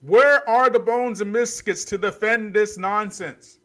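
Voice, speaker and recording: A man's voice: sits high, a little slow, a bit bright. A man hosting a livestream commentary, scornful and repeating his points with rhetorical questions. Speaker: host.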